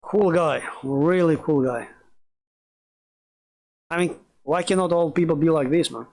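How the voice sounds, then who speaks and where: Male gaming streamer, high voice, rambling and excitable, curses freely. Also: measured pace. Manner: rambling, excitable, swears a lot. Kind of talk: casual live-stream chat.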